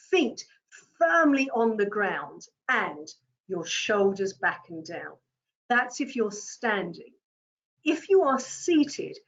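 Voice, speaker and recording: A woman giving a presentation-skills lesson, speaking deliberately and repeating her key points. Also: medium pitch, highs cut off. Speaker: communication trainer. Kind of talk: presentation skills coaching talk.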